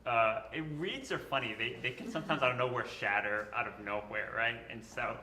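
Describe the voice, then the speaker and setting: A man, a former band student, telling an animated story to old friends, laughing often as he goes. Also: mid-range voice, a little fast, a little hiss or hum. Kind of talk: storytelling at a gathering. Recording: echoey room with crowd.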